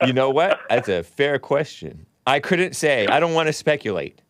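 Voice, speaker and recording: A man's voice: medium pitch, dry recording, clean studio sound. A congested man hosting a call-in talk show, rambling casually and laughing often between remarks. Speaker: talk show host taking calls and reading chat.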